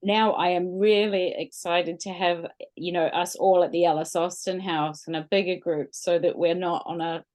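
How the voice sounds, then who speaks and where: A woman's voice: lowish voice, steady tone, normal speed, few pauses, a little mellow. A woman hosting a virtual poetry event on a video call, talking hesitantly with fillers. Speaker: event host. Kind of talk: moderating a virtual reading.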